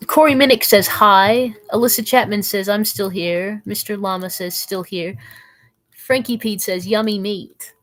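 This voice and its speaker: A woman's voice: mid-range voice, measured pace, a bit bright, soft background music. A young adult woman live streaming, reading chat aloud in a playful, rambling way, often saying "like" and slipping into silly voices.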